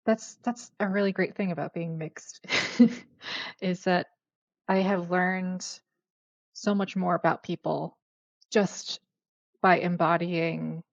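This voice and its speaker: Young woman guest, thoughtful and halting, low gravelly voice, dry dull lo-fi sound. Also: dry recording. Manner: reflective, hesitant, many fillers and soft laughs. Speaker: podcast guest, writer. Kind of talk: casual conversation.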